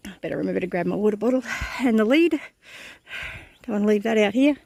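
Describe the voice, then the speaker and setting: A woman's voice: medium pitch, lively intonation, fast, gravelly, a little mellow, no room sound. A woman vlogging outdoors on her farm, chatty and rambling, tired and a bit out of breath. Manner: chatty, rambling with fillers and self-corrections. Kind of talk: casual outdoor vlog.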